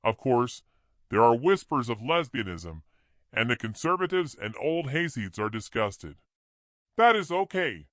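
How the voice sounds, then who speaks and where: A man voicing a confident male campaign manager in a storybook reading, speaking smoothly. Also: mid-range voice, big pitch swings, measured pace, a bit bright, no echo, clean studio sound.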